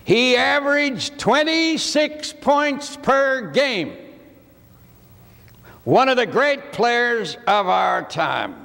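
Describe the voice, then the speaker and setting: A man in his eighties preaching a sermon, telling a folksy story with dramatic pauses. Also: very high voice, big pitch swings, gravelly, sharp tone. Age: 80s. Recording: echoey hall.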